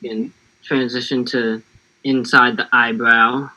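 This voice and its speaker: An easygoing, giggly American man who gently guides a relaxing warm-up over a video call. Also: mid-range voice, level tone, a little slow, dull audio. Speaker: guest actor. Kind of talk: casual chat, leading a warm-up.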